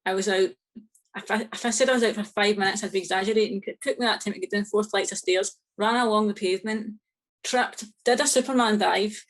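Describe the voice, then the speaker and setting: A woman's voice: medium pitch, quick pace. A woman with a Scottish accent, an author chatting as a podcast guest, telling a story with lots of laughter and acted-out quotes. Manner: lively, laughs often, acts out quoted exchanges. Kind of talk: casual storytelling chat.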